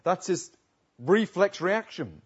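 A man preaching a sermon, earnest, swinging between emphatic declamation and quiet, low asides. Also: big pitch swings, slow pace, husky, dull audio.

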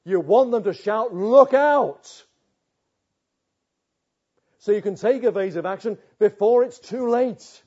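A man preaching a sermon with urgency, swinging from loud warnings to hushed asides. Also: high voice, moderate pace, hardly any pauses, husky, highs cut off.

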